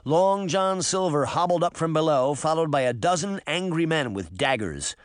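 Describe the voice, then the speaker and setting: Man, expressive audiobook narration, animated pitch, dry close sound. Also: normal speed, dry recording. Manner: expressive, dramatic. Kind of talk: scripted narration.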